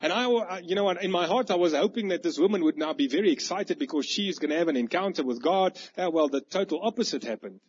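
A man, preaching a sermon with animated, vivid storytelling. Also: sits high, fast, hardly any pauses, slightly rough. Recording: dull lo-fi recording.

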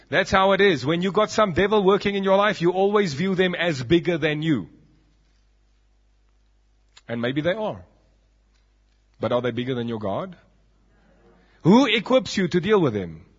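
South African male pastor, husky and fairly high, emphatic sermon delivery, lo-fi sound. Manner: emphatic preaching with dramatic drops. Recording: dull lo-fi recording.

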